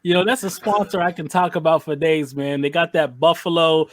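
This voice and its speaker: A man's voice: a little high, fairly even intonation, brisk, no echo. A man co-hosting a podcast, ranting and joking in casual banter. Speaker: podcast co-host.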